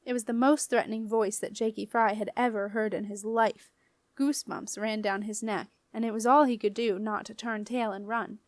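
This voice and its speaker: Lady narrating a kids fantasy audiobook, clear steady storytelling, slightly high voice, dry close mic. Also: moderate pace, no echo. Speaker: audiobook reader.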